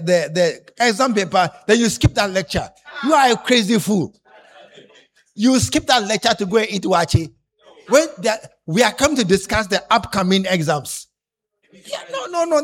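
A man preaching a sermon, telling the congregation to turn to their neighbors and often repeating himself. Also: very high voice. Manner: animated, repeats himself, tells listeners to tap their neighbor.

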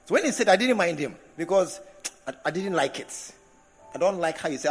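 A man preaches a sermon in a high, lively voice that swoops up and down. He breaks into laughing asides and stretches key words for emphasis. The sound carries the long echo of a big hall with faint music behind it. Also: unhurried, pauses often, breathy edge. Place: large hall with congregation. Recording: echoey hall from a distance.

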